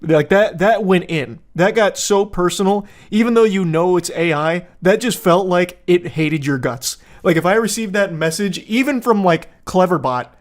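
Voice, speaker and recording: A man's voice: high-pitched, normal speed, few pauses. A young man giving casual commentary as a video host, sarcastic and profane with jokey asides.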